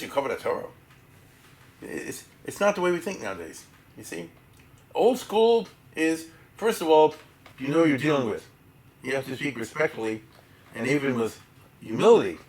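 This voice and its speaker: A man lectures as a rabbi in a casual, conversational way, using Hebrew and Yiddish terms freely. His voice sits at a middle pitch but swings widely, rising sharply when he acts out quoted speech. He keeps checking in with "right?" and "you follow?". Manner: animated, asks listeners "right?" and "you follow?" often.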